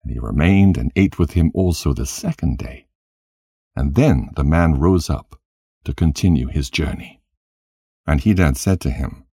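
A man narrating an old tale in a measured, solemn storytelling manner. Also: rumbling low, big pitch swings, mellow, breathy edge, no room sound, studio quality.

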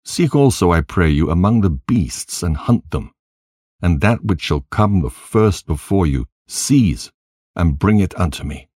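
A man's voice: deep voice, lively intonation, measured pace, mellow, breathy edge, dry recording, studio quality, exaggerated voice. A man voicing a grieving old patriarch who laments his son in archaic speech. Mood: grim command.

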